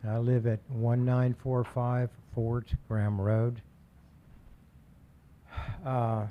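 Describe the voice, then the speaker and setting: A man addressing a city council during public comment, earnest and measured, often restarting his words. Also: mid-range voice, dull audio, slight background noise. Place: council chamber.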